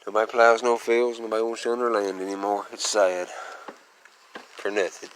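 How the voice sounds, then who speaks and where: A fairly low-voiced man rambles on in a chatty, folksy way, breaking into little chuckles. He is talking outdoors and from his truck, and faint ambient noise sits under his voice. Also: level tone, moderate pace, poor audio. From Western North Carolina. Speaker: vlogger. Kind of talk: casual rambling monologue.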